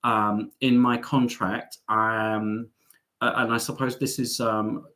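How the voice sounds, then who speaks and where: A man's voice: lowish voice, level tone, slow, bright, forceful tone. Chatty, sarcastic middle-aged man. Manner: chatty, self-mocking, sarcastic asides, many ums. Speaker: travel vlogger hosting a live stream. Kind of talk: casual live-stream chat reading viewer comments.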